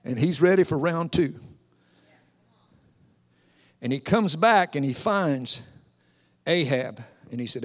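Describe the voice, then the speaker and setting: A male pastor delivers a sermon, animated and theatrical as he acts out the story's characters. His voice sits a little high for a man. The sound carries a long reverb from a large church hall. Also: slow pace, long pauses. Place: church sanctuary.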